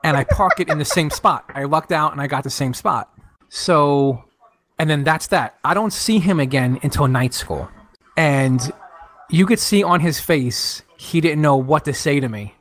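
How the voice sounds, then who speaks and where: A man in his thirties from New York, co-hosting a podcast and telling a long story with lively acted-out quotes. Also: on the high side, moderate pace. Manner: animated, acts out quoted friends in raised voices. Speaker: podcast co-host. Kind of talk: casual storytelling chat.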